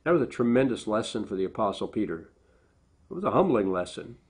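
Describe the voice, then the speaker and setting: A man's voice: lowish voice, fast talker, husky. Earnest middle-aged man preaching. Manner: earnest, self-correcting, animated when quoting. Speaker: pastor. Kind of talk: sermon.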